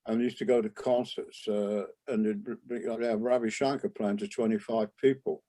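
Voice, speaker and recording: An older man, a jazz trumpeter, reminiscing in a relaxed interview, rambling with many restarts and asides. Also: lowish voice, a little fast. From England.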